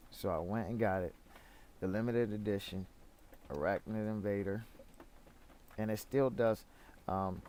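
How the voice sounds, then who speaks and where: A man's voice: on the low side, darkish tone, slight background noise. A man from Florida streaming a video game, talking in a rambling, chatty way full of fillers as he plays and reads the chat. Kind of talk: casual gameplay commentary.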